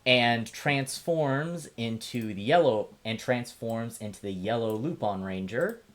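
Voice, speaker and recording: A man runs a tabletop game as its game master, setting scenes at an unhurried, deliberate pace. His narration stays measured, then swells with emphasis as the moment builds. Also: mid-range voice, lively intonation. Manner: slow, deliberate narration with rising emphasis on speeches.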